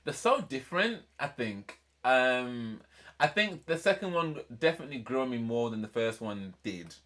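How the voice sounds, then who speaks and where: A man's voice: mid-range voice, sing-song, a bit bright. Chatty man reacting to music. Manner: chatty, rambling, quick to laugh. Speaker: music reaction channel host. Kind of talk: casual album reaction commentary.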